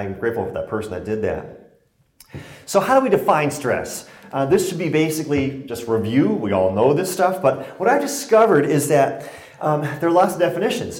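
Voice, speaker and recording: In a reverberant space, a medium-pitched man from Connecticut, USA, lectures on stress for the public. He keeps it humorous, spinning jokes and lively anecdotes while the crowd laughs along.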